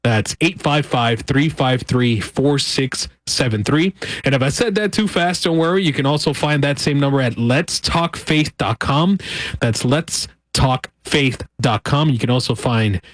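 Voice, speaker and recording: A man representing a charity on air, making an upbeat, persuasive fundraising appeal and slowly repeating the phone number. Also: medium pitch, no room sound.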